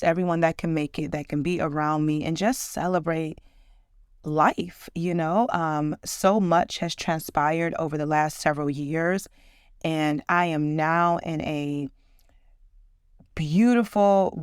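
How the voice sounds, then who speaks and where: A woman's voice: low-pitched, clear, resonant tone, no room sound, studio quality. A woman in her forties hosting a podcast, chatting in an upbeat, reflective way about her own life. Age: 40s. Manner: warm, upbeat, reflective storytelling. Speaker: podcast host. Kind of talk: casual solo podcast chat.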